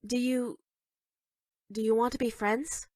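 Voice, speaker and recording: A high-pitched, obsessive schoolgirl played by a woman for a dating game, bashful and stammering one moment and quietly sinister the next. The recording is dry and close, with no room sound at all. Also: steady tone, a little slow, no echo, lightly acted. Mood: shy adoring. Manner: shy and stammering, with sudden dark menace. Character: obsessive yandere schoolgirl, sweet but creepy. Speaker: voice actress for a dating game character. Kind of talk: scripted game voice lines.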